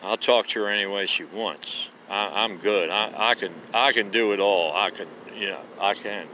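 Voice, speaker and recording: Fifty-something guy ranting to his camera, cusses a lot, wanders off topic, bright edgy voice, bit of hiss behind. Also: on the low side, normal speed, poor audio. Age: 50s. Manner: profane, digressive, folksy. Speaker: vlogger. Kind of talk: rambling monologue to camera.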